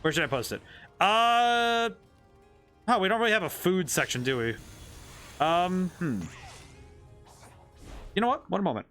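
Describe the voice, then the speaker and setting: A man's voice: sits high, expressive, a little slow, pauses often, a bit bright, faint music behind. A man streaming a video game, chatting casually and playfully as he plays, thinking aloud and rambling from one thought to the next. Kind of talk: casual live-stream commentary while playing.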